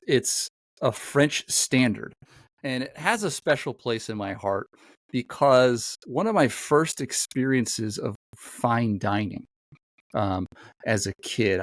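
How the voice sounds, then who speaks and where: A man's voice: medium pitch, no room sound. Rambling, easygoing man in casual chat. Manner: rambling storyteller, lots of fillers and restarts. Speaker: podcast host.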